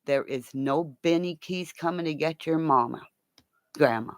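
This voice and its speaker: A woman's voice: low voice, moderate pace. A woman in a rambling, profane casual chat, talking to her pets between asides. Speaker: vlogger.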